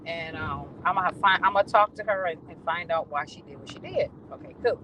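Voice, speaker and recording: A woman venting in a casual, profane, animated monologue while riding home. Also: fairly low pitch, fairly quick, a little hiss or hum, rough recording. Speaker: vlogger. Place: in a car on the ride home.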